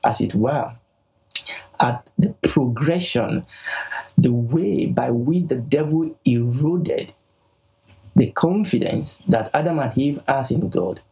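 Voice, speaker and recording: A man's voice: medium pitch, slow, vocal fry, mellow, husky, muffled recording. A man teaching the Bible in a broadcast, emphatic and repeating key phrases.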